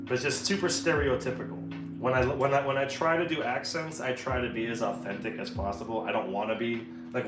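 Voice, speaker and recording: A man rambling casually on a painting stream, his voice of middling pitch and loose, profane manner. The room is echoey, and music plays clearly in the background. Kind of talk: casual live-stream chat while painting.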